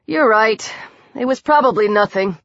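A woman voicing an uneasy teenage boy with a headache, speaking low and hesitantly. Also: moderate pace, a bit bright, no room sound, dull audio.

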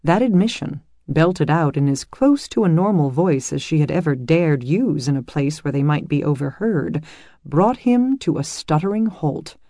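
An audiobook narrator reading a medieval romance in smooth, even storytelling. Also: mid-range voice, moderate pace, dry recording, studio quality.

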